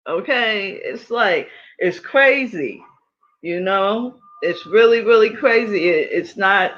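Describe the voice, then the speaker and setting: Animated woman chatting on a livestream. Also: medium pitch, highs cut off. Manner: animated, laughs often, repeats points for emphasis. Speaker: livestream host. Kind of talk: casual livestream chat.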